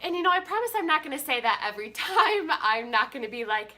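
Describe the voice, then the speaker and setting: A woman's voice: sits high, sing-song, quick pace, bright, forceful tone. A woman vlogging in a casual, upbeat chat with a congested, stuffy-nosed voice, laughing often as she talks.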